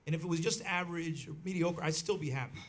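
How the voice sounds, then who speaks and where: A middle-aged bandleader telling a rambling story on stage at a live club, with many restarts and acted quotes. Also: male voice, a little high, fast. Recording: live club recording with faint crowd noise.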